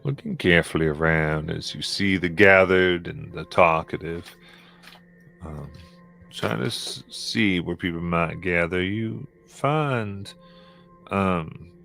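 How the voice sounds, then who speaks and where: A man narrating a tabletop game as game master in a relaxed, halting way with fillers. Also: low-pitched, creaky, soft background music.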